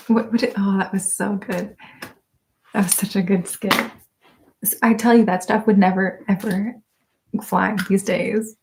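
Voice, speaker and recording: A soft-spoken woman chats casually with her live-stream viewers, slipping in and out of whispers. Her voice has a mellow, darker tone. She talks at a slow, unhurried pace. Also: mid-range voice, fairly even intonation, slight background noise. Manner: soft-spoken, drifting into whispers, laughs often. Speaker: ASMR channel host.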